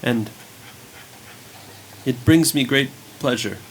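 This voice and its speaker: A kindly old priest in a tabletop game, put on by a man, unhurried and pious in his formal speech. The voice sits low with a gravelly texture. A faint hiss runs underneath. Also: low-quality recording. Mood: gracious. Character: elderly kindly male village priest.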